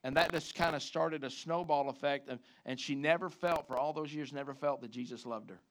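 A man's voice: fairly high pitch, fairly quick. A male pastor delivering an emphatic sermon to a congregation in church. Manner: emphatic, rising to loud preaching.

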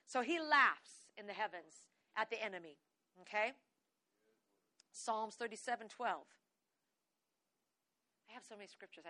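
A woman preaching a sermon with exuberance, often breaking into laughter and reading scripture slowly. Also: mid-range voice, expressive, pushed and bright.

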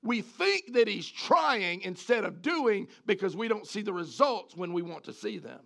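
Male preacher, high-pitched with a gravelly edge, animated sermon delivery that asks the congregation questions. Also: normal speed.

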